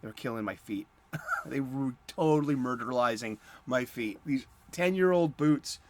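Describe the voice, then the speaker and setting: A man's voice: medium pitch, normal speed, a little hiss or hum. A middle-aged man, hosting a comics talk show in a casual, rambling monologue full of fillers and chuckles. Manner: chatty, chuckling, lots of fillers and restarts. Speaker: comics podcast host.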